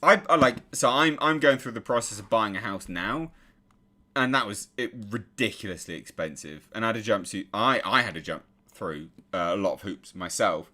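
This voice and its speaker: A man's voice: lowish voice, expressive, moderate pace, pushed and bright. A young English man chatting casually on a live stream and reading out viewer comments. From England.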